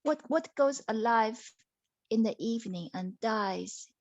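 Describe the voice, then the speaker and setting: A mother with a high, bright voice tells a story to her child at home, animated and playful, slipping into Mandarin between lines. The sound is close and dry, with no room around it. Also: unhurried, no echo, highs cut off.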